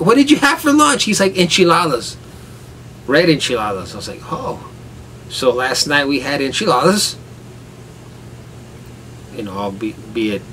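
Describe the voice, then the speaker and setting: In a casual home vlog, a man with a slightly high, somewhat bright voice tells a rambling story and laughs hard at it while rain falls outside. He is an adult vlogger with a son. The mic is distant, with slight background noise and low recording quality.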